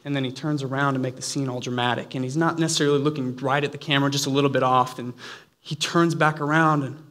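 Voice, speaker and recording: A man preaches a sermon with an earnest, conversational tone. His voice sits at an ordinary middle pitch, and he drifts easily into playful asides before he settles back into a serious point. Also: steady tone, quick pace, fairly bright tone.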